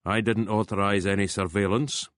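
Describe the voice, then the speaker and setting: A man's voice: lowish voice, steady tone, moderate pace, no echo, studio quality, natural voice. A man doing a stern, clipped police boss. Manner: clipped, insistent, stresses each word. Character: stern male police superintendent, demanding boss.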